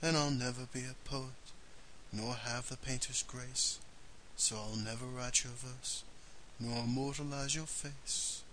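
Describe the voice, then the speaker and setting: Slow, bright-voiced man reciting a poem. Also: mid-range voice, fairly even intonation, a little hiss or hum, low-quality recording.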